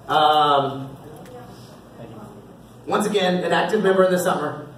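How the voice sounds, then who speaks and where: High-voiced encouraging coach in an echoey hall. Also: male voice, measured pace, a bit bright, far from the mic. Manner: upbeat and encouraging, often laughing. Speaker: youth football coach. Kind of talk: award speech at a team banquet. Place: indoor banquet hall.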